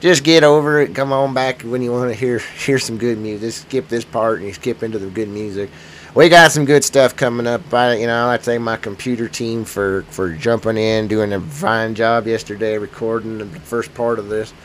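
A man's voice: medium pitch, fairly even intonation, normal speed, slight background noise. A man with a cold hosting a podcast in a loose, rambling, joking way, full of self-mocking asides. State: sick with a cold. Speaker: podcast host. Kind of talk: casual rambling podcast chat.

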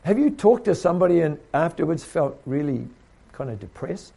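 A man's voice: a little high, lively intonation, normal speed, creaky, warm tone. A man preaching a sermon in a conversational way, repeating himself and acting out little quotes.

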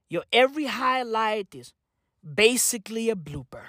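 A woman's voice: on the high side, lively intonation, measured pace, long pauses, fairly bright tone, no room sound, clean studio sound. A woman doing a profane comic rant, repeating herself and laughing at her own jokes. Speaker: comedian.

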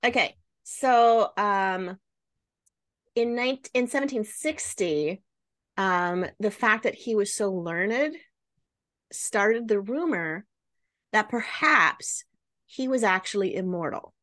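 A woman's voice: mid-range voice, animated, slow, fairly bright tone. Chatty woman telling a history story. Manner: chatty, many fillers like "right?" and "like". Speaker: podcast host. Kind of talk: casual storytelling chat.

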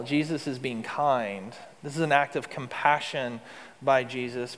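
A man preaching in an earnest, conversational way, asking his listeners questions as he goes. His voice sits a little high for a man. The long reverb of a hall trails behind him. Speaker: pastor. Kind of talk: sermon.

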